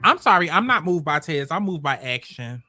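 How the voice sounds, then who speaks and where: A man's voice: fairly high pitch, sing-song, normal speed, bright, forceful tone, dry recording, studio quality. A man hosting a reaction commentary, sassy and blunt, talking while he eats. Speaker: commentary host.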